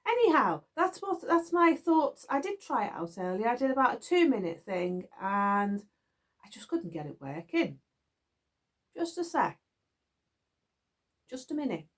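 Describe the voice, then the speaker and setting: Middle-aged UK woman, chatty craft vlogger, giggly and rambling, fairly high, very animated pitch. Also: a little slow, pauses often. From United Kingdom. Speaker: knitting vlogger. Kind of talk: casual chat to viewers. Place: garden shed.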